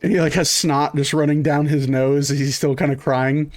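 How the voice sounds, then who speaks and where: Casual guy game master, laughy and loose, a bit high voice, some music under. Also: flat delivery, normal speed. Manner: laughing, loose, filler-heavy. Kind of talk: narrating a tabletop game.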